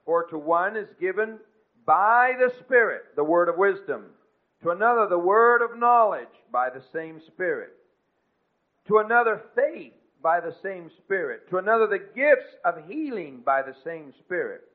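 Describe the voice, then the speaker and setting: A man preaching a sermon, rising to emphatic peaks and dropping to quiet asides. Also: high-pitched, lively intonation, normal speed. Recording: tinny phone-like lo-fi recording.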